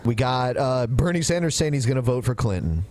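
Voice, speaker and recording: A man co-hosting a podcast, relaxed and hesitant, filling his talk with "like". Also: medium pitch, brisk, no room sound. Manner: relaxed, hesitant, says "like" often. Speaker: podcast co-host. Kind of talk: casual podcast chat.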